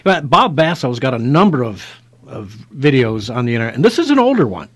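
A man's voice: mid-range voice, sing-song, fairly quick. A man hosting a talk radio show, chatting casually and emphatically, often restarting his sentences.

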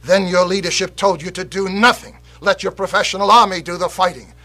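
An actor playing a fiery male patriot orator, delivering an impassioned scripted speech that swings from loud rallying cries to hushed warnings. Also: high voice, fairly even intonation, fairly quick, soft background music. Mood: rousing. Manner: rousing, declamatory, swings from shouting to hushed. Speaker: actor in a political video.

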